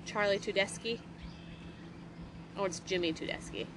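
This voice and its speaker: A woman's voice: medium pitch, normal speed. A woman in her thirties chatting with her husband, teasing and rambling with lots of fillers. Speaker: vlogger, wife. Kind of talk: casual outdoor chat. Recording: noisy outdoor recording, traffic nearby.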